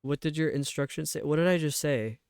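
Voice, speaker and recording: A man's voice: on the high side, a little fast, a little mellow, smooth, no room sound, clean studio sound. A man live-streaming a video game, rambling to his viewers as he puzzles over the level. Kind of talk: casual live-stream chat while gaming.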